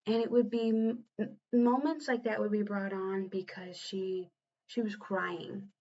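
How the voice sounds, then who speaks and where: Young woman, mid-pitched, earnest and halting, restarting her sentences as she speaks in a confessional vlog, slightly dull lo-fi recording. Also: steady tone, a little mellow, a little hiss or hum. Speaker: vlogger and new mother.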